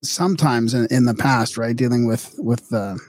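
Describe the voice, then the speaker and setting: A man hosting a podcast, chatting in a relaxed, rambling way. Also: mid-range voice, normal speed, dry recording. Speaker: podcast host. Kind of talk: casual conversation.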